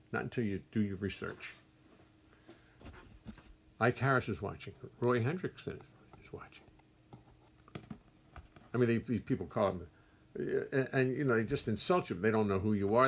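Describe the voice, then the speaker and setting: Fairly quick and lowish in pitch, this older man chats through a casual livestream from his music studio. He reads off viewers' names, offers warm greetings, and adds wry, self-deprecating jokes.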